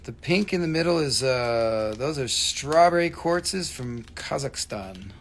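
A man hosting a live stream where he sells stones, showing pieces, repeating prices and answering chat in an excitable, casual way. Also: mid-range voice, unhurried, a little hiss or hum.

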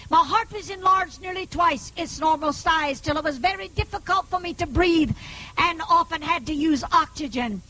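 High, bright-voiced woman preaching emphatically. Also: normal speed, slight background noise, poor audio. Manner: emphatic preaching, often rising to a shout. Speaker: evangelist giving her testimony. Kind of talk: preached healing testimony to a live audience.

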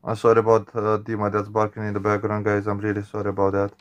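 A man's voice: fairly low pitch, completely flat delivery, fast, highs cut off. A man doing reaction commentary on a horror game, jumpy and on edge, swearing often and addressing viewers as man and guys. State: nervous, on edge. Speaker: gaming channel host.

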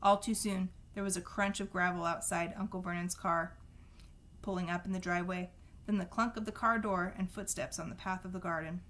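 A woman reading a novel aloud at a steady storytelling pace, with a few small slips and restarts. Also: lowish voice, fairly quick. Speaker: reader.

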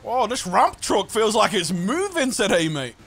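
High, gravelly guy gaming. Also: sing-song, normal speed. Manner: teasing, laughing, shouting at friends. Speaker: gamer. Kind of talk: casual gaming banter. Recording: game music underneath.

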